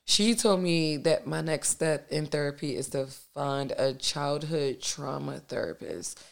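A woman in her thirties hosts a casual solo podcast from home, speaking in a low, gravelly voice. She is loud and boisterous, candid and profane, and fills her speech with "like". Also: a little slow. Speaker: podcast host. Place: at home at her dining room table.

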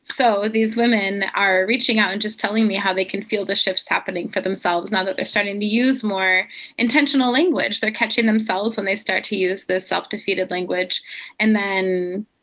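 A woman's voice: medium pitch, moderate pace. A young woman life coach talking earnestly and encouragingly in a casual podcast conversation. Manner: earnest, encouraging, quotes others in lively voices.

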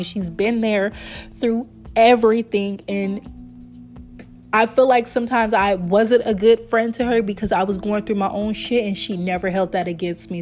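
A woman in her early thirties hosts her own podcast, rambling warmly between topics and breaking into laughter. Her voice sits at an ordinary pitch for a woman, with faint music underneath. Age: 30s. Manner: chatty, rambling, laughs often, emotional and sincere. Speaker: podcast host. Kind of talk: casual solo podcast chat.

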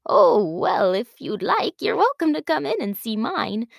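Woman doing a kind older neighbor lady, warm welcoming tone, storybook, dry close sound. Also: fairly high pitch, sing-song, a little slow, vocal fry, no echo, full character voice. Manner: gentle and welcoming. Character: kindly older woman neighbor, a home scientist.

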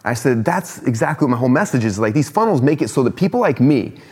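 A man telling a quick, excited story as a podcast guest, laughing often. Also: medium pitch, slightly rough, long reverb tail. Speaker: podcast guest, company founder. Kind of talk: casual storytelling in a podcast chat.

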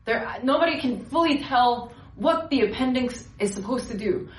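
A woman's voice: on the high side, moderate pace, reverberant, low-quality recording. A young woman giving a casual sermon, telling stories animatedly and acting out other people's voices. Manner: animated storytelling with acted-out voices. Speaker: preacher.

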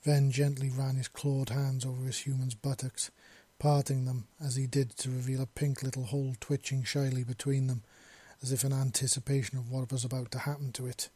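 Male narrator of a romance story with a dark, mellow, husky tone and an even delivery. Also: mid-range voice, fairly quick, hardly any pauses, no room sound.

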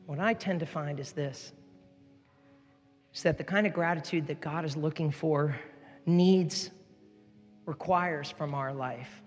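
A man preaching a sermon as pastor, animated and jokey, jumping between topics. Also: a little high. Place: large church hall. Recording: long hall reverb with faint music.

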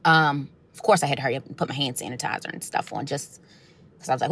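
A woman chatting casually to camera, retelling a story in an animated way and acting out the voices of the people in it. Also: rumbling low, quick pace, husky.

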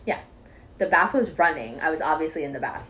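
Woman co-host, casual chat, lively pitch, animated storyteller. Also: a little fast, a little hiss or hum. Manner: animated storytelling, bursts into laughing shouts.

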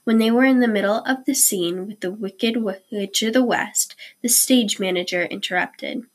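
A woman reader delivers a children's chapter book in a clear, steady storytelling manner. Her voice is mid-range and moves at normal speed.

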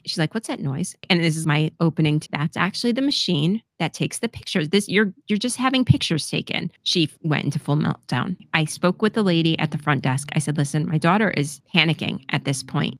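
Swearing freely and laughing a lot, a middle-aged woman shares a personal story on the podcast she co-hosts in a candid, casual way. Her voice is low, and the clean studio recording has no echo.

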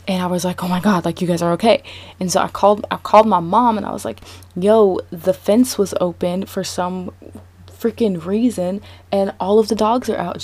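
A young woman telling a personal story in a casual, animated way, full of "like" and sudden high-pitched outbursts. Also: no room sound. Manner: animated, frequent "like", voice jumps high when excited.

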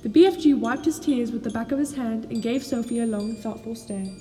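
A woman reads a children's storybook aloud, narrating with an expressive, storytelling touch. Her voice is slightly high and mellow. A long reverb trails her words over soft music. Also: brisk. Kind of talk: storybook reading.

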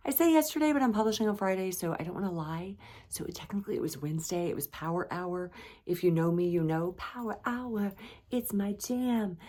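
A woman hosting her own podcast in a casual solo chat, playful and self-teasing, with bursts of animated emphasis. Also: mid-range voice, normal speed. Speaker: podcast host.

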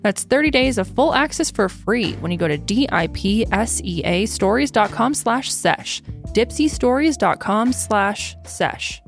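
An excitable woman co-hosting a podcast, upbeat and loose with her swearing. Faint music plays underneath her. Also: on the high side, a little slow, gravelly. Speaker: podcast co-host. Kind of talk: ad read and casual chat.

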